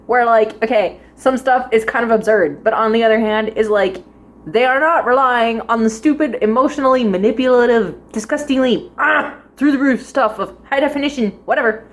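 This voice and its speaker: A young woman chatting casually as she reviews a drama, rambling and giggling often as she goes. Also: a little high.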